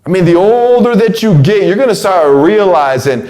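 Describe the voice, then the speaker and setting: A man in his forties giving a casual spoken monologue, slangy and stumbling over repeated words, his voice climbing when he gets excited. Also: high voice, moderate pace. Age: 40s. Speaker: host delivering a weekly message.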